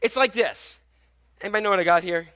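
A fast-talking male pastor with a high, pushed, bright voice preaches a sermon like a conversation. He asks the congregation questions and tells anecdotes.

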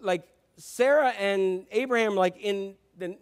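A man's voice: high voice, a little slow. A middle-aged man, a pastor, preaching a sermon in a conversational way with asides and restarts.

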